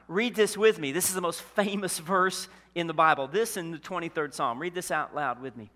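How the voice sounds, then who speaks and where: A man, a senior pastor, preaching a conversational sermon with rhetorical questions and jokes, dropping his voice low on the key lines. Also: lively intonation, fairly quick, hardly any pauses, bright, forceful tone. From Illinois. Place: church sanctuary.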